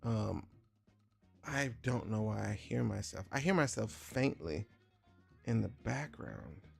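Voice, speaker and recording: A man's voice: fairly low pitch, animated, slow, gravelly, breathy edge, faint music behind. A man streaming his digital drawing, chatting casually and joking with his viewers. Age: adult with a son. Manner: chatty, joking, talks to chat directly. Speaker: digital art livestreamer. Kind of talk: casual livestream chat while drawing.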